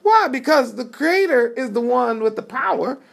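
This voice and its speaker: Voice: high voice, lively intonation, moderate pace, gravelly, fairly bright tone. A preacher teaching in sermon style, folksy and emphatic, telling a story through its dialogue while listeners answer back. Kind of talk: sermon-style Bible teaching with call and response.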